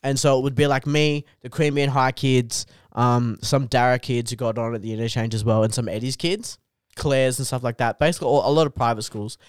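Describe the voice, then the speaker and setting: On a podcast, a young Australian comedian guest spins a rambling, profane story, animated and laughing along, with "dude" in nearly every line. His medium-pitched voice runs a little fast, clean and echo-free at studio quality.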